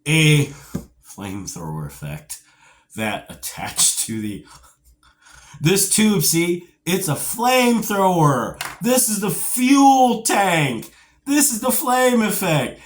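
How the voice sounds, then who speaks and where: A middle-aged man reviewing a vintage action figure, talking in a rambling, animated way with playful asides and geeky nostalgia. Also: high voice, slow, a little hiss or hum. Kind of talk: casual video review.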